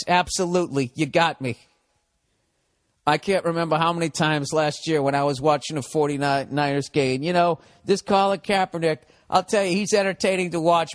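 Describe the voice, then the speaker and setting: A man's voice: on the high side, no room sound, clean studio sound. A man in his forties with a Boston accent, hosting a podcast and delivering a profane, sarcastic solo rant. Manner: profane, sarcastic ranting with frequent asides. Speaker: podcast host.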